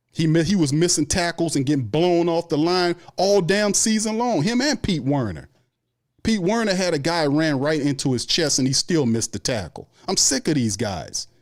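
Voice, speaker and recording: A man hosting a live sports stream, ranting angrily and profanely in a repetitive, heated rant. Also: fairly high pitch. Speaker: sports show host.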